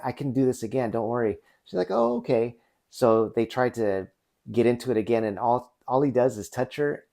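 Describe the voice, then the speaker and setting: Rambling low-voiced man reviewing movies. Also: a little mellow. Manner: rambling, with many restarts and fillers. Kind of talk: casual unscripted movie review.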